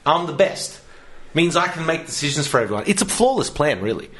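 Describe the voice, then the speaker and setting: A man co-hosting a casual comedy podcast, riffing loudly on absurd hypotheticals and swearing freely. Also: a little high, very animated, brisk. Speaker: co-host.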